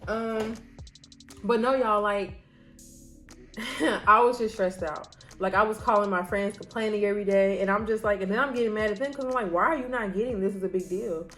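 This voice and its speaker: Chatty woman vlogger, soft music behind. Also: medium pitch, moderate pace. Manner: candid, rambling, talks to viewers as y'all. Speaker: vlogger and law student. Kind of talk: casual chat while doing makeup. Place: home, near her bed.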